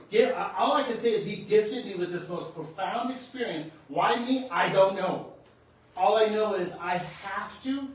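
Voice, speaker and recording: A man in his sixties from North Dakota telling a personal spiritual story as a podcast host, earnest and emotional, gasping in awe at times. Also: sits high. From North Dakota, USA. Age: 60s. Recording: echoey room, voice distant from the mic.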